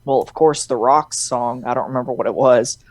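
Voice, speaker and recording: A woman's voice: rumbling low, steady tone, a little fast, over a noisy crowd. A woman co-hosting a podcast, rambling and laughing often in casual chat. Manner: rambling, laughs often, drops into jokey voices. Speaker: podcast co-host.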